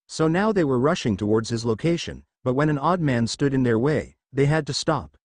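Man, fan fiction narrator, expressive storytelling, lively pitch, dry close recording. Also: normal speed, dry recording.

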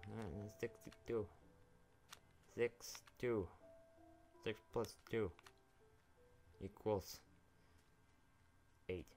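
A man's voice: fairly low pitch, darkish tone. A young man giving casual, rambling commentary while playing a video game, swearing freely and talking to the characters on screen. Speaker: gaming YouTuber.

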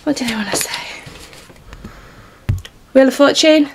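A woman's voice: sits high, unhurried, background noise. British woman, tarot reader, slightly out of breath, chatty and reassuring, casual spoken style. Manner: chatty, reassuring, informal with occasional swearing. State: out of breath from pregnancy. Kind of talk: casual tarot reading to camera.

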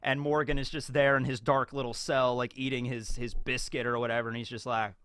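A man's voice: medium pitch, flat delivery, brisk, a bit bright, smooth. A man hosting a video in rambling, casual commentary full of fillers. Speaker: video host.

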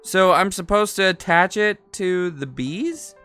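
A man in his twenties rambles casually as he builds, talking half to himself and swearing freely. His voice is bright and crisp, sitting a little high for a man. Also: slow, hardly any pauses, soft background music. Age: 20s. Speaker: streamer. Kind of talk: casual chat while building a toy.

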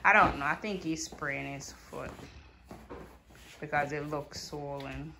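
A woman's voice: low voice, unhurried, vocal fry, noisy background. A woman with a Jamaican accent chatting casually to her vlog camera in a loose, rambling patois-laced way. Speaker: vlogger.

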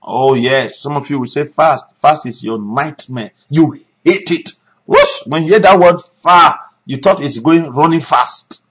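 Husky animated male preacher. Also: on the high side, measured pace, few pauses, highs cut off. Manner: animated preaching with sudden shouts and hushed asides. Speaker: pastor. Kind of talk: sermon.

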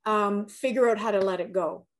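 A woman's voice: mid-range voice, moderate pace. A woman coach talking as a podcast guest, telling personal stories in an earnest, candid way and often repeating words as she thinks aloud. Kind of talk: candid conversational storytelling.

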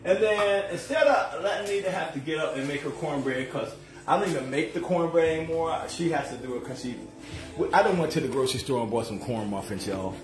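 A man's voice: on the high side, animated. A man hosting a casual cooking livestream from his home kitchen, joking and chatting with viewers. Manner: joking, chatty, playful, drawn-out asides to viewers. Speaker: cooking show host. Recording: echoey kitchen with music behind.

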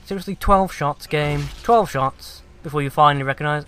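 A man's voice: fairly high pitch, a little fast, few pauses, pushed and bright, clear, resonant tone. A British man giving sarcastic, profane let's play commentary and taunting the enemies on screen.

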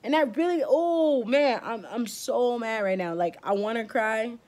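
A woman's voice: a little high, unhurried, a little mellow. Fired-up woman ranting, close to tears. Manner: fired-up, emotional and blunt, with casual slang. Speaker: beauty vlogger. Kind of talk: heated vlog rant.

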